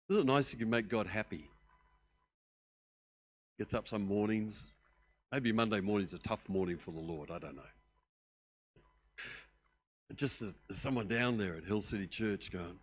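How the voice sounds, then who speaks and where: A middle-aged man, preaching a sermon as pastor, telling the story with lively acted-out voices that swing from loud to hushed. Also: fairly low pitch, measured pace, long pauses, husky. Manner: animated storytelling, acting out voices with big swings in loudness.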